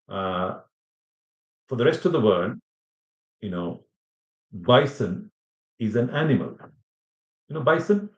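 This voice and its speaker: A man's voice: fairly low pitch, a little mellow. Rambling male teacher, echoey classroom. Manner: rambling, many fillers and restarts; addresses students with questions. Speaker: language teacher. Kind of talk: classroom lecture. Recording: echoey room, muffled sound.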